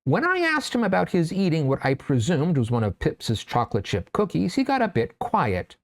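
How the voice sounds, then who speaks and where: Animated male storyteller. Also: fairly high pitch, moderate pace. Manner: expressive, animated storytelling; relaxed, chatty teaching with fillers. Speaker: writer and class host. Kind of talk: reading a story aloud, then teaching a class.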